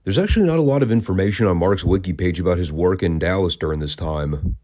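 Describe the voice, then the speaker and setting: Deep mellow guy recapping old wrestling, dry sarcastic asides. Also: quick pace. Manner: wry, sarcastic, conversational. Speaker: wrestling podcast host. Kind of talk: casual review commentary.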